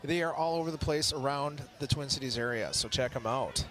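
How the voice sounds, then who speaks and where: A man's voice: mid-range voice, brisk, a bit bright, a little hiss or hum. A man co-hosting live local TV commentary of a street parade. He reads sponsor blurbs and banters upbeat with his partner.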